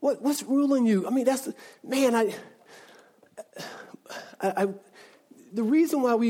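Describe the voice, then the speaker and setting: A man's voice: very high-pitched, measured pace, pauses often, dark tone. A man preaching a sermon as a pastor, talking conversationally with frequent restarts and asides to the congregation.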